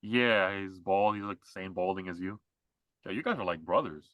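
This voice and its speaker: A man's voice: sits low, moderate pace, no echo, phone-quality sound. A man hosting a casual podcast chat, rambling and sarcastic, sometimes mocking how other people talk. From Hispanic community in the US. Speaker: podcast host.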